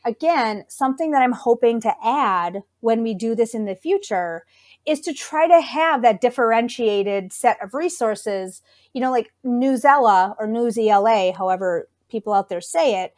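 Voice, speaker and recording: A woman school librarian chatting in an interview, her voice sitting a bit on the high side. She talks things through thoughtfully and warms up with enthusiasm. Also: lively intonation, normal speed. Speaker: school librarian, podcast guest. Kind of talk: conversational interview.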